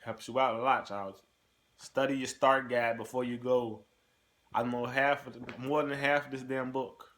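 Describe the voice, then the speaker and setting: A man's voice: mid-range voice, steady tone, moderate pace, a bit bright. Young man rambling casually, swearing freely. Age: young adult. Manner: loose and profane, rambling with many fillers. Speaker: recruit in the delayed entry program. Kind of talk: casual video diary answering a question tag. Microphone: camera mic.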